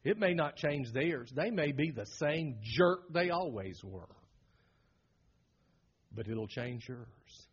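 A middle-aged man with a Southern American accent preaching a sermon as pastor, folksy and humorous, swinging from loud bursts to hushed lines. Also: mid-range voice, animated, slow pace, long pauses, slightly rough, muffled recording.

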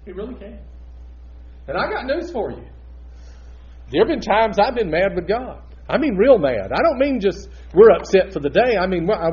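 A male pastor delivering a sermon, shifting between loud emphatic preaching and quiet, intimate asides. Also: high voice, very animated, normal speed, dull audio.

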